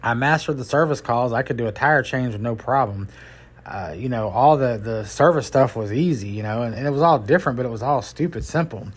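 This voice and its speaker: A middle-aged man tells stories from his working life in a loose, folksy, rambling way. His voice sits at an ordinary pitch. He keeps the tone casual, like a podcast host chatting. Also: brisk, breathy edge. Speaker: podcast host and tow truck driver. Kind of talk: casual storytelling.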